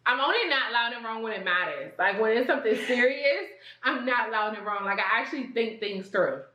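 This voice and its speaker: A woman playing a couples game on a vlog, chatty and quick to laugh, talking straight to viewers. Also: fairly high pitch, expressive, sharp tone, roomy sound, dull audio. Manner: chatty, laughs often, addresses viewers as y'all. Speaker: couple vlogger.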